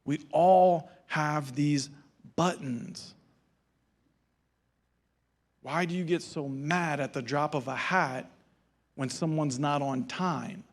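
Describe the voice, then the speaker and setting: A man's voice: a little high, slow, pauses often. A male pastor giving a sermon in a casual storytelling manner and acting out the dialogue.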